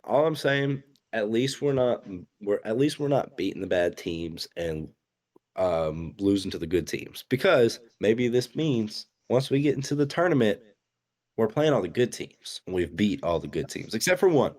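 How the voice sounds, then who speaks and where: This man has a lowish voice that swings widely as he talks. He is an excitable guest on a casual sports chat who speaks freely about how much the team frustrates him. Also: normal speed. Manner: excitable fan who vents openly. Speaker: podcast guest.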